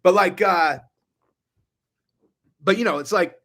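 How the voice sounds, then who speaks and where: Profane, rambling man with a higher voice. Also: takes it slowly, fairly bright tone. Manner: profane, rambling, with frequent restarts. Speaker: online commentator. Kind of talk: live stream rant.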